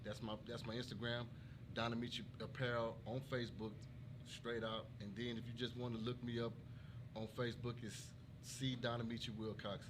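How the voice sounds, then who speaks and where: A man's voice: mid-range voice, flat delivery, brisk, background noise. A man from Houston, a guest in a casual talk show chat, earnest and emphatic. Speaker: guest, clothing brand owner.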